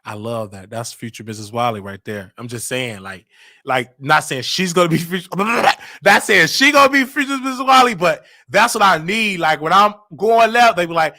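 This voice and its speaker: A man hosting a casual live show, talking in an animated, sing-song way that swings from loud outbursts to hushed asides, with a Southern US accent. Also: sits high, moderate pace, dry recording. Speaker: host. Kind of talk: casual livestream talk.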